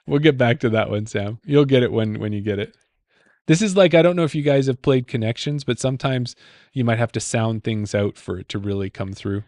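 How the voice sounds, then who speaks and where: A man's voice: medium pitch, a little fast, darkish tone, dry recording, clean studio sound. A man hosting a podcast, reading out pun clues in a teasing, playful way and laughing at his own jokes. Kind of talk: playful podcast quiz banter.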